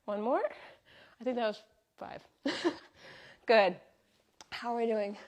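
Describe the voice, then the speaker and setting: A woman's voice: on the high side, steady tone, takes it slowly, a little mellow. A young adult woman leading a live workout class, upbeat, counting reps and giving body cues, a little out of breath. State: slightly out of breath. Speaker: fitness instructor.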